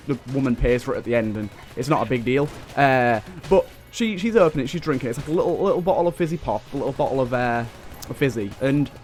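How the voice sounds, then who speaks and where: A young British man telling a rambling story over gameplay, with lots of restarts and fillers. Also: on the high side. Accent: British English. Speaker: let's play host. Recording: faint game music behind the voice.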